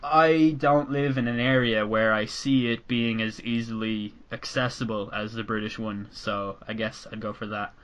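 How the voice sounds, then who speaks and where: A man's voice: fairly low pitch, steady tone, normal speed, few pauses, a bit bright, clean tone. Sweary Irish man hosting a podcast. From Ireland. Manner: sweary, sarcastic banter. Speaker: podcast host. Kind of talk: casual podcast chat.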